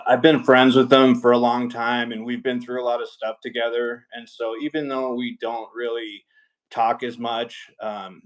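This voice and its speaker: A man with a Southern California accent, a guest in a casual interview, talking slowly with many ums and you-knows. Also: mid-range voice. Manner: slow, mellow, full of ums and you-knows.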